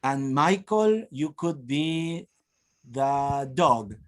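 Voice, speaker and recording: A man's voice: mid-range voice, lively intonation, very slow. A man from Peru presenting a teacher-training webinar over a video call, encouraging and prompting participants. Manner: encouraging, frequent laughs and prompts. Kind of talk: lively workshop teaching.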